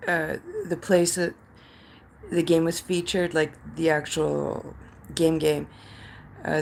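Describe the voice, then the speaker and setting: A woman's voice: low voice, a little hiss or hum. A Canadian woman streaming live, chatting with her viewers in a rambling, filler-heavy way and reacting to chat comments. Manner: reads out chat comments and replies. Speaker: livestream host.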